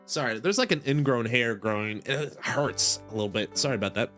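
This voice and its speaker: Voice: medium pitch, brisk, fairly bright tone, faint music behind. A streamer making joking, laughing asides while playing a story game. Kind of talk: casual gameplay commentary.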